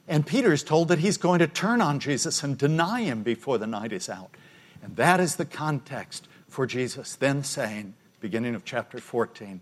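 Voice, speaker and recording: An older man preaching a sermon, retelling a scene with quiet intensity and dropping to a hush at key moments. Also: a little high, lively intonation, normal speed. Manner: storytelling, voicing the disciples with quiet intensity.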